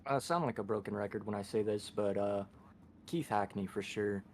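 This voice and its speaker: A man's voice: on the low side, normal speed, darkish tone, a little hiss or hum. A young man being interviewed after a sim race, easygoing and grateful, joking lightly.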